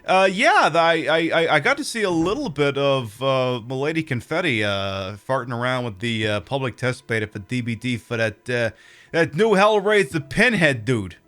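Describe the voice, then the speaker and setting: A man's voice: mid-range voice, big pitch swings, normal speed, fairly bright tone. Male host doing a casual drag-queen game stream. Profane and chatty, with faint music behind. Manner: chatty and profane, many fillers. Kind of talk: casual livestream chat.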